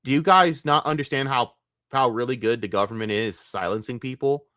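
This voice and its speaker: A man streaming, reacting to clips with profane, mocking rants, swinging between loud outbursts and low muttering. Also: fairly quick, no echo, clean studio sound. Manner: shifts between shouting and muttering.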